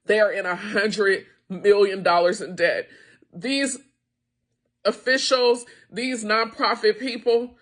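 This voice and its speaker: A woman's voice: mid-range voice, fairly bright tone. An American woman who owns a wine tasting room, venting to her viewers in a frustrated, emotional rant about being denied a grant. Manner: upset, frustrated, venting with profanity. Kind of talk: emotional direct-to-camera rant.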